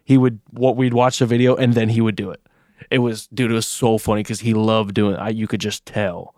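A man's voice: fairly low pitch, level tone, a little fast, darkish tone, no echo, clean studio sound. A young man co-hosting a podcast, telling a rambling story in casual chat and swearing freely. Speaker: podcast co-host.

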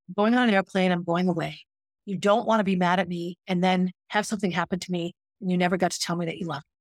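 A woman's voice: mid-range voice, no echo, clean studio sound. A middle-aged woman hosting a podcast, telling a personal story in a candid, reflective, self-critical way. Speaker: podcast host.

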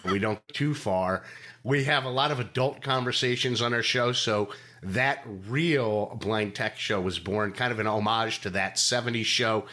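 A man's voice: fairly low pitch, moderate pace, sharp tone. A man who is a guest on a podcast, speaking frankly and wryly in casual chat.

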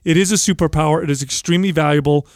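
A man's voice: fairly high pitch, fairly even intonation, very fast, dry recording, clean studio sound. A man on a podcast speaking in a reassuring, encouraging and emphatic way to a friend. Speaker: podcast host. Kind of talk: candid podcast conversation.

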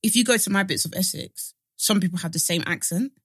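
Animated young woman. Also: mid-range voice, fairly quick, husky, no echo, clean studio sound. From East London. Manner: animated, trips over her words. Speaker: podcast co-host. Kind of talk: casual chat.

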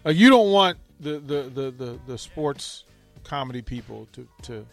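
A man co-hosting a sports radio show, chatting casually in an animated way. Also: mid-range voice, unhurried, creaky, faint music behind.

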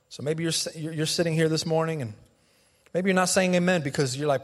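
High-voiced pastor preaching in an echoing sanctuary. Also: male voice, a little fast. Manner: animated, conversational preaching with humor and repetition. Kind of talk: sermon. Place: church sanctuary.

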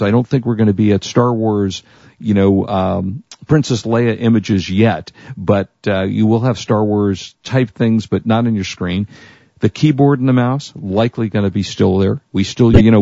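A man's voice: lowish voice, gravelly, dark tone, dry recording, lo-fi sound. A man hosting a technology radio show, talking casually in a rambling, chatty way and correcting himself as he goes. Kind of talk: casual tech radio talk.

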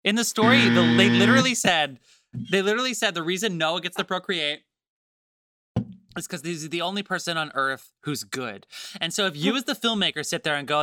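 Brief: fired-up male podcast co-host, sharp bright tone, dry close sound, ranting and cursing. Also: a little high, expressive, brisk, no room sound. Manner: heated, ranting, swears a lot. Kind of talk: casual film-review chat.

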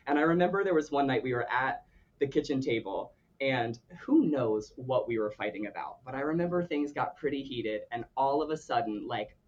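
A man's voice: medium pitch, lively intonation, moderate pace. A man guest on a podcast telling family stories in a chatty, filler-heavy, self-deprecating way. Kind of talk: casual storytelling. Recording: dull lo-fi sound.

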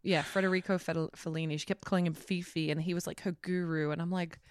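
A woman's voice: lowish voice, fairly even intonation, fast talker, no room sound, studio quality. A woman co-hosting a casual movie review podcast, blunt and sarcastic, swearing freely. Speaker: podcast co-host.

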